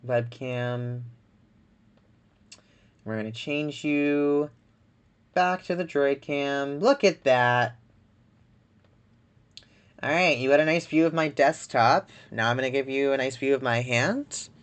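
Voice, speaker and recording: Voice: medium pitch, slow pace, pauses often, clean tone. A streamer giving casual, rambling gameplay commentary, chatty and full of "like". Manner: chatty and rambling, heavy use of "like".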